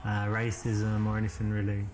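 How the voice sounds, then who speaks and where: A man's voice: fairly low pitch, monotone, normal speed, darkish tone, lightly acted. A man with a British accent playing a game character who flirts in an easygoing, chatty way. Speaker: dating game lead character.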